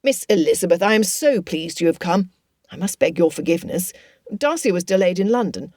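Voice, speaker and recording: A woman voicing a cheerful, earnest young gentleman. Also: fairly low pitch, animated, brisk, dry recording, clean studio sound.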